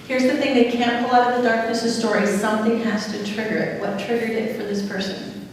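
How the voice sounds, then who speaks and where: A woman giving a lively public talk on dementia care, asking the audience questions and then answering them herself. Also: fairly high pitch, fast, a little hiss or hum. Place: large hall. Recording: echoey hall from far off with faint ambience.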